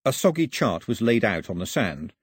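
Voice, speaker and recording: A man narrating an audiobook as a lively storyteller, in a husky voice, recorded on a close studio mic. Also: fairly low pitch, normal speed, dry recording. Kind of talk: scripted narration.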